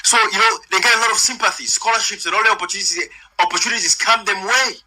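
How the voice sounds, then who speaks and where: A Sierra Leonean man with a high, sharp voice hosts, giving rambling, casual commentary at a quick pace and slipping pidgin into his English with many fillers. He speaks with a Sierra Leonean accent, and the recording is rough.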